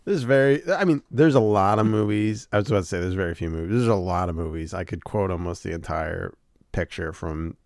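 A man with a lowish voice chats casually on a podcast, tossing in short playful remarks. His voice sounds dry and close to the mic. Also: brisk, a little mellow, no echo. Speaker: podcast co-host. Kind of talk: casual chat.

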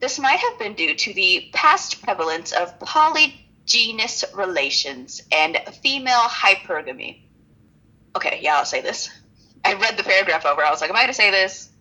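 A woman's voice: mid-range voice, sing-song, moderate pace, sharp tone, low-quality recording. A woman co-hosting a casual podcast, reading notes aloud with frequent laughs and self-deprecating asides. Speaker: podcast co-host.

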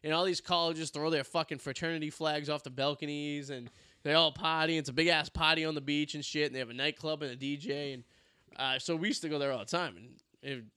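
A man's voice: a little high, fairly even intonation, fairly quick, bright, forceful tone, clear, resonant tone, dry recording. Joking rambling man, dry close sound. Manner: crude, laughs often. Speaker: podcast co-host. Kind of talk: casual chat.

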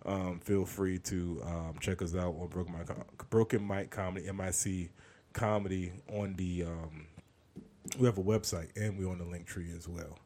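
A man's voice: sits low, steady tone, moderate pace, mellow, slight background noise. A man hosting his podcast, rambling through a joking catch-up and acting out other people's voices. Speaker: podcast host and comedian. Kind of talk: casual monologue.

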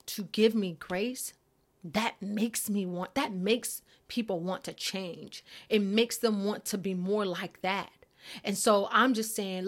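A woman hosting a devotional talk, speaking in a gentle, encouraging way and repeating key phrases. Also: medium pitch. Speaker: devotional host.

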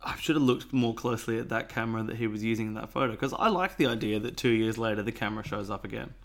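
A man's voice: fairly low pitch, quick pace, gravelly. A man co-hosting a podcast, trading wry, playful banter in casual chat. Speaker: podcast co-host.

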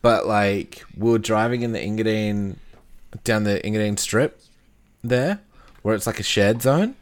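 Crude, jokey Australian man, low-voiced. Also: a little slow. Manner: blunt, crude, jokey banter. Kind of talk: casual chat.

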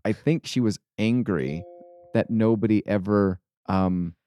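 Low, mellow-voiced young man telling a story. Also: clear, resonant tone. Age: young adult. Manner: rambling, halting storyteller. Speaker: podcast co-host. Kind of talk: casual chat, storytelling.

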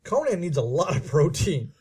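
A man's voice: on the high side, very animated, moderate pace, a little mellow. A man co-hosting a podcast, chatting casually about a movie and joking often. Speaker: podcast co-host.

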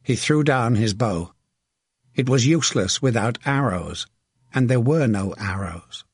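A man narrating a historical novel in a steady, measured audiobook reading. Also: mid-range voice, husky, no room sound, studio quality. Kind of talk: scripted narration.

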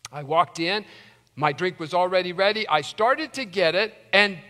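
A man pastor preaching a sermon in a church sanctuary, impassioned, swinging from loud urgency to hushed pleading. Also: sits high, animated, moderate pace. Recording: long hall reverb.

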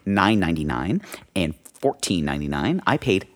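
A man's voice: sits low, sing-song, moderate pace. A man co-hosting a podcast in casual chat, joking and swearing, laughing often as he talks. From family from South Jersey and Philadelphia. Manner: joking, laughs often, profane, does mock voices of relatives. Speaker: podcast co-host.

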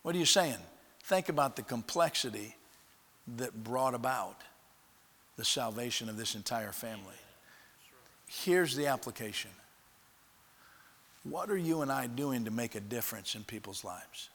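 A man's voice: medium pitch, moderate pace, pauses often, breathy edge. A man preaching a sermon, telling a story with lots of restarts and acting out the people in it. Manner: animated storyteller acting out dialogue, frequent restarts. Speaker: pastor. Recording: long hall reverb.

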